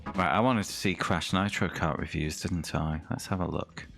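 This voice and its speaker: A male game streamer chats casually and reads out review scores with dry asides. His voice sits very low and rough with vocal fry. Soft music plays faintly underneath. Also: moderate pace. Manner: chatty, reads aloud and comments dryly.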